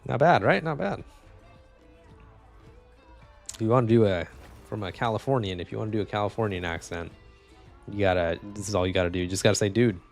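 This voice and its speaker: Low-voiced man joking over gameplay. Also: fast, gravelly, soft background music. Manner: joking, profane, rambling. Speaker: gaming streamer. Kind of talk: casual gameplay commentary.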